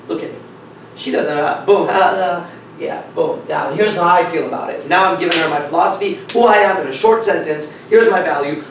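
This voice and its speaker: A man with a fairly high voice tells a story with emphasis, acting out what each person said. He is recorded from a distance in a strongly echoing room, with a faint hiss underneath. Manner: acts out dialogue, emphatic, repeats "I said". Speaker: dating coach speaker. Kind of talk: animated storytelling talk. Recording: echoey room, speaker away from the mic.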